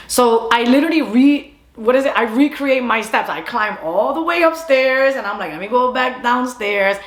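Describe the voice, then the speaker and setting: A young adult woman telling a casual storytime monologue, animated and chatty, slipping between English and Spanish. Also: fairly high pitch, moderate pace. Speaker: storyteller vlogger. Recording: echoey room.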